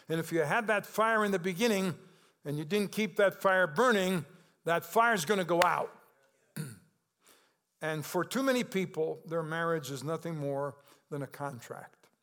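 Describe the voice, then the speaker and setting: Conversational male preacher, rising to emphasis. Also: fairly high pitch. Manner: conversational preaching, rising and louder when stressing a point. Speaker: pastor. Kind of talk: sermon.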